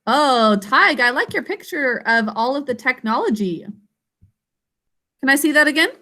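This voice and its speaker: A woman's voice: high-pitched, expressive, moderate pace, sharp tone. A woman teacher giving a spelling lesson, explaining patiently step by step and encouraging her students. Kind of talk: classroom instruction.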